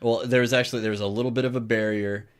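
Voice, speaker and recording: A man's voice: medium pitch, flat delivery, rapid-fire, clear, resonant tone. A man co-hosting a podcast, telling a story in casual chat and swearing freely. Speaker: podcast co-host.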